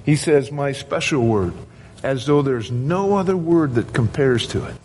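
A man's voice: a little high, animated, normal speed, darkish tone, slight background noise. A male pastor preaching a sermon to his congregation, earnest and asking rhetorical questions.

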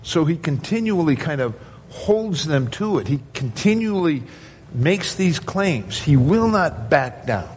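Slow, earnest male pastor preaching. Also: on the high side, sing-song, darkish tone, slight background noise. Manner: earnest, asks the congregation rhetorical questions. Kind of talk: sermon.

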